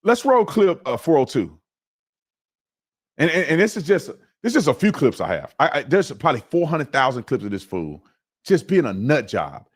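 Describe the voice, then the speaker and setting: A man's voice: a little high, very animated, moderate pace. A man hosting a live reaction stream, talking emphatically and repeating words as he starts each point. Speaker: host.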